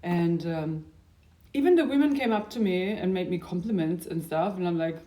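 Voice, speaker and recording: A young adult woman talking in a casual, rambling video diary. Her loudness drifts from sudden bursts down to near-whispers. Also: lowish voice, moderate pace. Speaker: diary vlogger.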